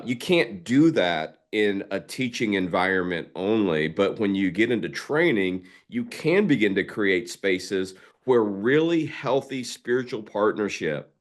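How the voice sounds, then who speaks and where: A man co-hosting a church leadership conversation, explaining ideas in a thoughtful, measured way. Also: sits low. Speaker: ministry leader and podcast co-host. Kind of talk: casual conversation.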